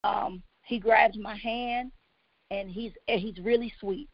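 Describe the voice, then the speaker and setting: A woman telling her own life story on a talk show, halting with many pauses and restarts, emotional and close to tears. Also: mid-range voice, steady tone, vocal fry. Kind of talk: personal testimony on a talk show. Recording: dull, lo-fi, dry sound.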